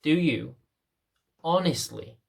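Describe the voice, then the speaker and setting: A man's voice: on the high side, lively intonation, slow pace, vocal fry, husky. A young man, a dog trainer, talking casually to camera in a blunt, rambling, self-mocking way.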